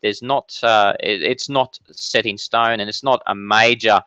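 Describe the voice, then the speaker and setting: A man's voice: on the low side, fairly even intonation, a little slow, bright, forceful tone, clear, resonant tone, dry recording, dull audio. A man hosting a casual live-stream Q&A from his home office, chatty and upbeat with many fillers and restarts. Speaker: weather channel host answering viewer questions.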